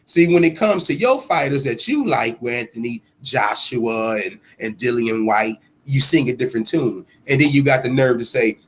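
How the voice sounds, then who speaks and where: A man's voice: lively intonation, normal speed, hardly any pauses, husky. A man hosting a boxing podcast alone, ranting heatedly with profanity and repeating himself for emphasis. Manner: heated, profane ranting with sudden swells in pitch and loudness. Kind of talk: solo podcast commentary.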